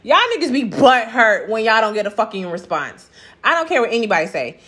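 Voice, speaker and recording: A woman's voice: on the high side, sing-song, a little fast, a bit bright, breathy edge. A young woman telling a dating-app story to her viewers in a blunt, sassy, profane way, reading out the text messages as she goes. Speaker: vlogger. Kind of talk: casual storytelling rant.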